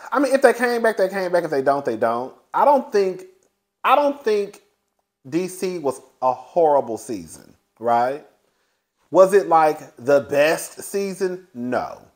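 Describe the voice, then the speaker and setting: A young man giving a sassy, chatty review of a reality TV show, swearing freely and laughing often as he talks. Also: a little high. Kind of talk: casual commentary.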